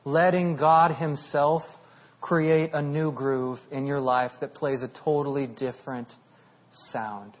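A man in his thirties preaches with a high, lively voice that climbs toward near shouting when he drives a point home. The recording has a dull, lo-fi sound. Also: slow pace. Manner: animated, rising to near shouting at peaks. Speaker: pastor. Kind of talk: sermon.

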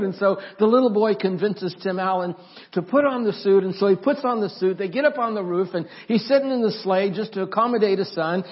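A pastor telling a story in his sermon, animated, with restarts and questions to the congregation. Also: sits high, a little fast. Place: church. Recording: dull lo-fi church audio.

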